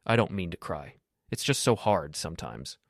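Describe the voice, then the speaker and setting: A frail, tearful old woman in a spoken story, gentle and steady, read by a man. The voice sits very low and the recording is dry and close, with no room sound. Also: normal speed, creaky, no room sound. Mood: tearful kindness.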